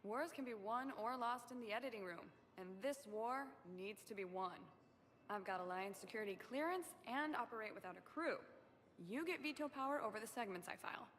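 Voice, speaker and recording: A brisk war reporter. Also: female voice, a little high, expressive, fairly bright tone, long reverb tail, slight background noise. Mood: businesslike. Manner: brisk, direct, persuasive. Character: confident female military war reporter.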